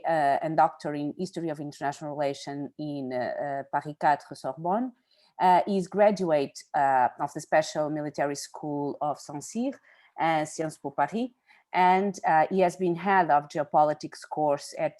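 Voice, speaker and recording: A woman from Portugal, moderating a conference panel in a halting way with many fillers. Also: low-pitched, a little mellow.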